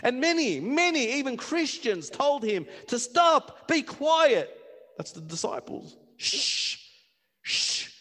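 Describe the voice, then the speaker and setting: A man preaching a passionate sermon, repeating words and building to near-shouts. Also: very high voice, big pitch swings, unhurried. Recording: long reverb of a hall.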